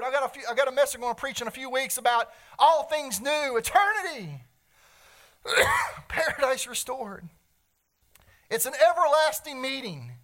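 A man's voice: extremely high pitch, fairly bright tone. A man preaching a sermon as a pastor, earnest and emotional, rising and falling in volume. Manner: earnest, swells and drops in volume, emotional at times.

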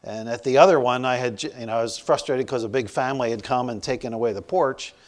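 A man's voice: medium pitch, fast. A man in his sixties preaching, telling a funny story about himself and often laughing as he goes. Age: 60s. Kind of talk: storytelling sermon.

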